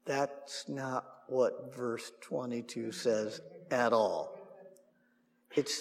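Animated preacher in a reverberant hall. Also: male voice, mid-range voice, very slow, vocal fry. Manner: animated, acts out dialogue with humorous asides. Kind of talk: expository Bible teaching.

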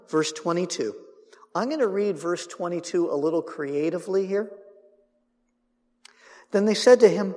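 A male preacher works verse by verse through a Bible passage, acting out each exchange and breaking off for wry asides. His voice sits on the higher side for a man. Long reverb from a big hall trails after his words. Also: moderate pace, long pauses. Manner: animated, acts out dialogue with humorous asides. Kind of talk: expository Bible teaching.

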